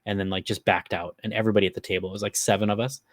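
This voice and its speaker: Racing through a long prank story, this Upper Midwest American podcast co-host laughs and swears his way through a rambling, casual telling. His fairly low voice holds a level tone, and the recording is dry and studio-grade.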